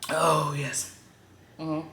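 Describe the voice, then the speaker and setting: A woman casually chatting to viewers between bites, murmuring softly as she eats at home. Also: sits low, little pitch movement, extremely slow, creaky. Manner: talks between bites with soft murmured mm sounds. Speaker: mukbang vlogger. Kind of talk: casual chat while eating. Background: faint lawn mower and clinking cutlery.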